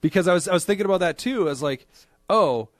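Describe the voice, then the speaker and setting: A man's voice: high-pitched, racing, no room sound, studio quality. A man co-hosting a podcast in casual chat, rambling and trailing off, laughing often. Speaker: podcast co-host. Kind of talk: casual chat about wrestling.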